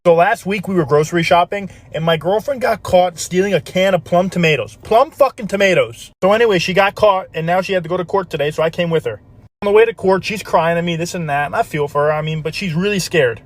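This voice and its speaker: A man telling a joke in a deadpan storytelling manner. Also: sits high, fast talker. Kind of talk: told joke.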